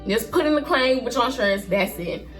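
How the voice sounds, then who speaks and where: A young woman quoting her calm, reassuring father in a soothing, matter-of-fact way. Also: fairly high pitch, brisk, soft background music, natural voice. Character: calm reassuring father, middle-aged man.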